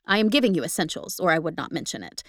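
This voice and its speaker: A woman podcast host reading a ghost story aloud, expressive, with casual asides to listeners. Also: on the low side, fast talker, dry recording, studio quality. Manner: expressive, laughs at the text between passages.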